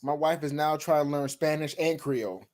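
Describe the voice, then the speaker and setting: A man's voice: fairly high pitch, normal speed, darkish tone. A man in a casual review chat, playful and teasing, emphatic when he makes a point. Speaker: guest reviewer.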